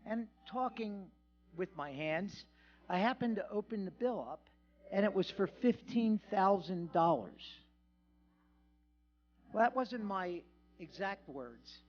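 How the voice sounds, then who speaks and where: A man's voice: high-pitched, expressive, slow, long pauses, darkish tone, muffled recording, soft background music. A man giving a humorous award acceptance speech at a banquet, telling a self-deprecating story with jokes. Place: banquet hall.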